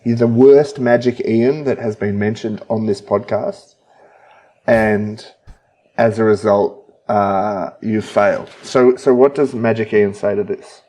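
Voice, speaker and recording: A man's voice: on the low side, steady tone, unhurried, warm tone. Teasing man co-hosting a podcast. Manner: teasing, playful banter. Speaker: podcast co-host. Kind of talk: casual book chat.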